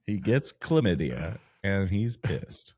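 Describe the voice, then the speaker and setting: A man's voice: sing-song, takes it slowly, a little mellow. Frank, joking middle-aged man on a podcast. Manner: frank and joking, voice jumps high when incredulous. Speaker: podcast co-host. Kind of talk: casual book club chat.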